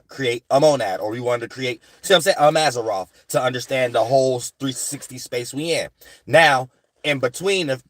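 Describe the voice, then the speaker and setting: A man's voice: mid-range voice, fairly bright tone, dry recording. Rambling man with a dry close sound. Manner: rambling, repeats "you know what I'm saying". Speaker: astrology channel host. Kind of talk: casual spiritual monologue.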